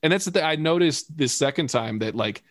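A man in casual, animated conversation about a TV episode, swearing freely and laughing often. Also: on the high side, fairly quick, no echo, studio quality.

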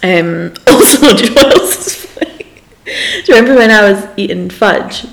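A woman's voice: mid-range voice, animated, moderate pace, creaky. A woman in her twenties, co-hosting a podcast in casual chat, telling stories with frequent laughter. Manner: giggly storyteller, laughs often. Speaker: podcast co-host.

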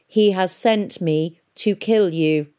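Woman doing cold undead machine stalker, flat and hissing, mellow low voice, storybook read. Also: takes it slowly, smooth. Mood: flat menace. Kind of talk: audiobook reading.

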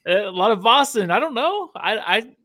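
A man co-hosting a casual sports podcast, speaking in a relaxed, teasing way. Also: sits high, moderate pace, dry recording, studio quality. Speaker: podcast co-host.

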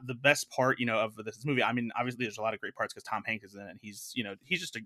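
A man's voice: fairly low pitch, fast, pushed and bright, dry recording, studio quality. A man co-hosting a film podcast, reviewing movies in a rambling, earnest way with many fillers and restarts. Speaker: film editor, podcast co-host. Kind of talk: casual film review chat.

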